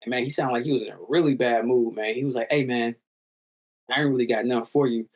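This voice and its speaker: A man guest in a casual interview, telling a story in a lively way with slang and loose phrasing. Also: mid-range voice, fast talker. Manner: animated storyteller, acts out quoted voices. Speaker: musician guest.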